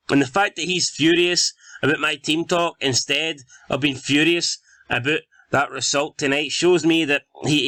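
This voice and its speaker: A man's voice: a little high, bright, forceful tone, no room sound. A young man commenting on his football management game, exasperated and swearing as he calls the action. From Scotland. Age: young adult. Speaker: gaming YouTuber playing a football manager game. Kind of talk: casual gameplay commentary.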